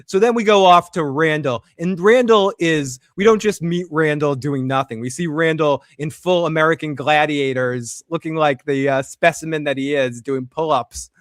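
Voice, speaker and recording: A man's voice: on the high side, moderate pace, few pauses, no echo, clean studio sound. A man hosting a casual recap show, acting out characters' lines as he retells scenes. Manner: animated, acts out characters' lines while recapping. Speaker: podcast host.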